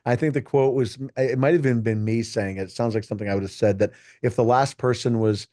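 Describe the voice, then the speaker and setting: A middle-aged man, a keynote speaker, talking casually in an interview and telling stories with animated, acted-out quotes. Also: medium pitch, fast talker, no echo, clean studio sound. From United States.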